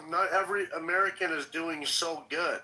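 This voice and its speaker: A man hosts a casual political livestream, talking bluntly and swearing freely. His voice is somewhat high and very bright and forceful. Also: moderate pace, low-quality recording. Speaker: livestream host.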